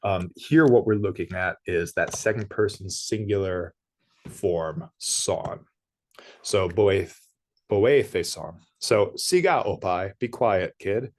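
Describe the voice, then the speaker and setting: A man's voice: sits low, slow. A man teaching a language lesson, explaining step by step with small asides and self-corrections. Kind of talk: screen-shared language lesson.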